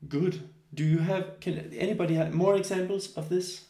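A man who is not a native English speaker leads a group workshop. He talks haltingly, thinking aloud with many fillers. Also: high voice, steady tone, mellow. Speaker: workshop leader. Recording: echoey room.

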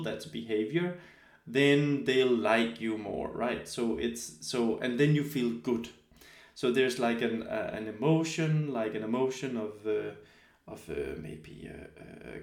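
A man in his thirties giving a relaxed spoken lecture, often hesitating with fillers and restarts. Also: mid-range voice, roomy sound. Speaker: teacher.

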